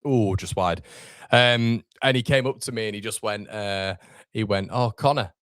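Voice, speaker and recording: A man's voice: on the low side, normal speed, fairly bright tone, clear, resonant tone, no echo, clean studio sound. A young man hosting a live football watchalong, chatting casually with viewers and calling them mate. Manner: chatty, calls viewers mate, reads out chat.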